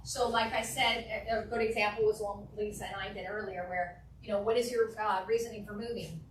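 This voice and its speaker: A woman teaching a real estate class, acting out client conversations in a lively, animated way. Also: medium pitch, fairly quick, a little hiss or hum. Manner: animated, acts out client dialogues. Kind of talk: classroom training talk. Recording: echoey room from a distance.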